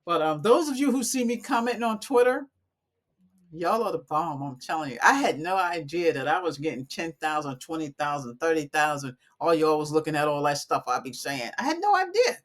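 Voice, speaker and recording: A woman's voice: low-pitched, a little fast. A woman, talking casually and animatedly to her viewers on a live stream from home, calling them y'all. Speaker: coding academy owner.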